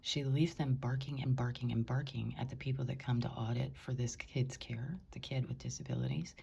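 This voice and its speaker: A woman speaking in a hushed, indignant way, often whispering, as she records from her bedroom on a top floor. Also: very deep voice, fairly even intonation, a little fast, gravelly, husky. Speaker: concerned housemate.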